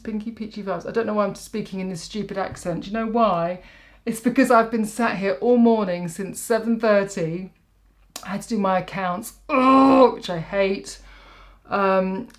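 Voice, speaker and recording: Chatty woman doing makeup. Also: medium pitch. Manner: rambling, self-mocking, talks while working. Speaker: makeup artist.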